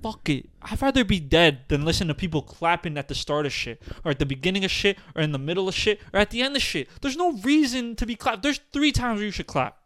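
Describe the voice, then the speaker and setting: Lively, high-voiced young man ranting. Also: quick pace, hardly any pauses. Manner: animated, profane and emphatic. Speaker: podcast co-host. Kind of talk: casual podcast chat.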